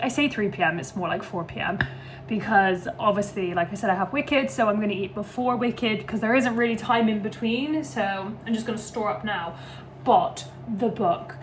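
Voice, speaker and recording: A woman's voice: fairly high pitch, background noise. A young woman chatting casually about a book she is reading in her home kitchen, amused and sarcastic. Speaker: book vlogger.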